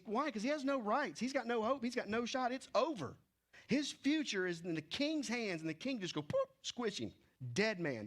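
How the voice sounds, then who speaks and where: A man preaching a sermon, with animated delivery that swings between loud emphasis and hushed, low stretches. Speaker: pastor.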